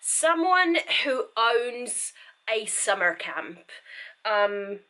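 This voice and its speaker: Woman, book vlogger, rambling casual chat, slow pace, bright voice. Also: on the high side, sing-song. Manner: rambling, chatty, self-interrupting.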